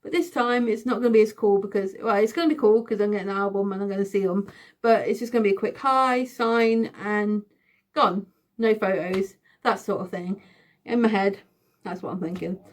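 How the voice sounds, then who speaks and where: A woman in her thirties, telling a storytime vlog in an excitable, giggly, chatty way. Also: medium pitch, brisk. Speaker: vlogger. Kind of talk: casual storytime.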